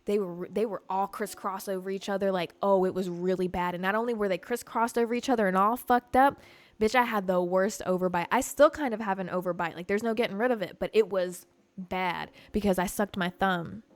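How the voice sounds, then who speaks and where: A woman's voice: medium pitch, brisk, dry recording. A young adult woman hosting a podcast, casually telling personal stories to her stream audience in a chatty, profane way, full of "like". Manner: chatty and profane, heavy use of "like". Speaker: podcast host.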